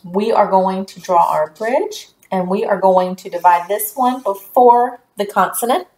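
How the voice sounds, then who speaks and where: A woman teaching a recorded phonics lesson to young children, speaking slowly and clearly and praising answers. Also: medium pitch, a little mellow, roomy sound.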